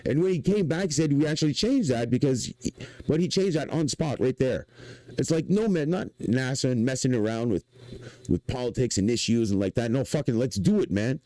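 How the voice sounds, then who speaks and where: A man from Quebec with a Québécois French accent, talking casually and excitably on a livestream, rambling, swearing and repeating himself. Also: medium pitch, brisk, no echo, poor audio. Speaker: livestreamer and inventor.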